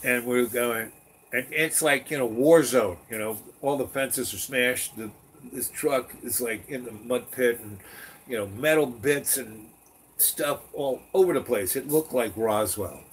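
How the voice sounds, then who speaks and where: A man's voice: medium pitch, unhurried, slight background noise. A man telling a long personal story in a meandering, chatty way, full of fillers and restarts. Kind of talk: rambling personal anecdote.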